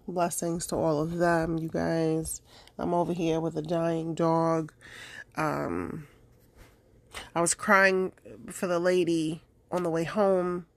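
A young adult woman hosting a solo podcast, talking casually, bluntly and emotionally, swearing freely. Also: lowish voice. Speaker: podcast host.

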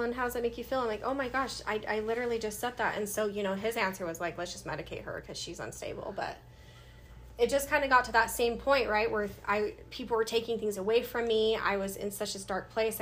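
A woman in her thirties, appearing as a guest on a podcast, tells her life story in a casual interview. Her voice is mid-range with slight background noise, and she's animated, acting out the things people once said to her.

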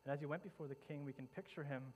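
Brief: male pastor, vivid dramatic storytelling sermon, somewhat high voice, lots of restarts. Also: very fast, a little mellow, a little hiss or hum, poor audio.

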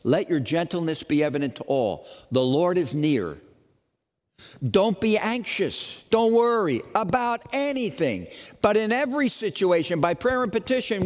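Man, pastor, sermon, dramatic, hushed then loud, long reverb. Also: high-pitched. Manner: dramatic, swings from loud questions to hushed lines. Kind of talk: Easter sermon.

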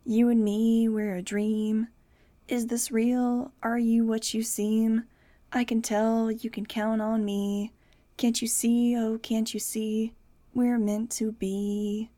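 A woman's voice: fairly high pitch, flat delivery, mellow. A woman singing as a crooning young suitor. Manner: slow, drawn-out crooning. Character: young man crooning a love song. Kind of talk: amateur audiobook reading.

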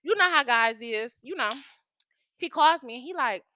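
A woman's voice: high-pitched, expressive, moderate pace, bright, forceful tone, lo-fi sound. A young woman telling a story in a casual vlog, with lots of slang and profanity. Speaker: storytime vlogger.

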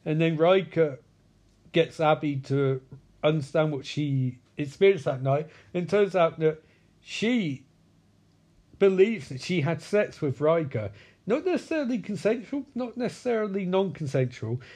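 A man's voice: a little high, lively intonation, a little slow, darkish tone. A man giving a casual film recap in a crude, sarcastic, profane way.

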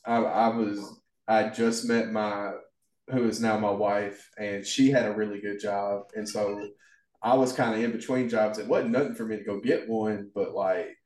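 A man's voice: lowish voice, steady tone, moderate pace, darkish tone. A man co-hosting a podcast, rambling in a laid-back way and laughing easily. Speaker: podcast co-host. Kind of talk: casual podcast chat. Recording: roomy, distant mic.

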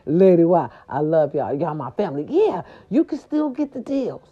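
A woman's voice: fairly low pitch, big pitch swings, moderate pace, mellow, dull audio. A woman hosting a podcast in casual holiday chat, sassy and playful, who breaks into little growls. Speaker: podcast host.

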